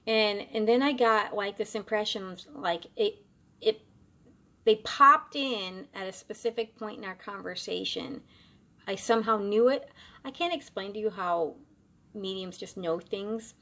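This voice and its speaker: Animated woman telling a spooky story. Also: medium pitch, moderate pace. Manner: animated, acts out both sides of conversations. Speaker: psychic medium and former bartender. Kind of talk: casual storytelling to camera.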